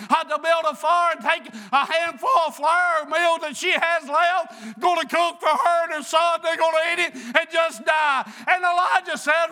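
A man preaching a fervent sermon, often breaking into shouts. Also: extremely high pitch.

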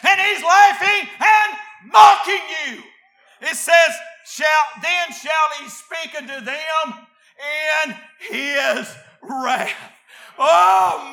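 A man preaching a fiery sermon, reading scripture quietly, then shouting his exhortations. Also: very high voice, gravelly.

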